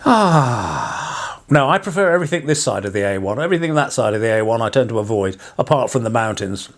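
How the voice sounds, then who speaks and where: An English parson chats casually to his viewers, drifting from one story to the next. His wry asides often end in a chuckle. His voice sits at an ordinary middle pitch. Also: lively intonation, fast. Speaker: parson and vlogger. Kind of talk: casual rambling vlog monologue.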